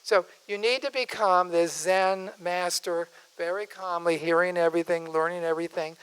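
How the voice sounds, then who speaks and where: A man's voice: sits high, steady tone, normal speed, a bit bright, clean tone, low-quality recording. An older man, a physician, giving a conversational public speech in a folksy way, wandering off on asides and restarting his sentences. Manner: folksy, digressive, self-interrupting.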